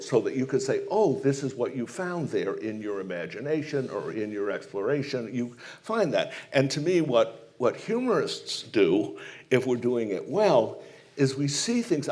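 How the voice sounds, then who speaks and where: A humorist from Maine holding forth on stage in a live interview. He rambles through anecdotes with many restarts and searching pauses, then settles into reflective musing at an average pitch. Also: darkish tone. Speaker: humorist guest. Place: small live performance venue.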